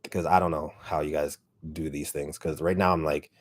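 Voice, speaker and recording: Deep raspy man chatting on a livestream. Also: fairly even intonation, a little fast, no echo. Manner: rambling storytelling full of fillers and swearing. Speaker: ASMR YouTuber. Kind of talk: casual livestream chat.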